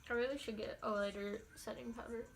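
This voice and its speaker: A fast-talking young woman with vocal fry and a fairly high, evenly pitched voice vlogs a makeup tutorial on her phone camera. She adopts a light country accent for her chatty self-talk, sprinkled with mild exclamations.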